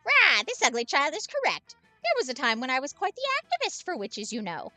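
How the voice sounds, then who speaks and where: A cackling old witch, speaking in grandiose, archaic phrases with a high, swooping voice. She booms every line as if addressing a crowd, in a dry, close recording. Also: wildly swooping pitch, a little fast, pushed and bright, dry recording, soft background music, heavily acted. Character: cackling old female child-eating witch.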